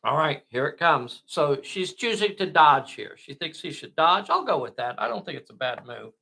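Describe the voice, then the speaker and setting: A man whose first language is not English, narrating a tabletop miniatures game with slow, dramatic play-by-play. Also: on the high side, big pitch swings, creaky, bright, forceful tone, husky.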